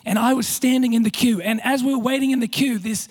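A man preaching, his voice sitting very high and sounding husky. He tells a story with self-mocking humour, stumbles over his words and restarts often, and the congregation laughs along. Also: fairly even intonation, fast talker. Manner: storytelling with self-deprecating humor, frequent restarts. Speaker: pastor. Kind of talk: sermon.

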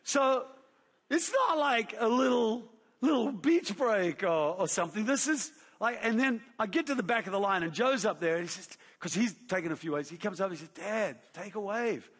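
A middle-aged man, a pastor telling a lively story in a sermon, acting out his own shouts and quotes. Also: high voice, normal speed, slightly rough. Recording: long hall reverb.

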